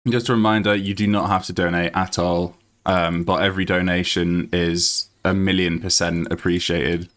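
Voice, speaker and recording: A British man live-streaming a game, excitable and laughing often, swearing freely while he plays and talks to viewers. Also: deep voice, normal speed.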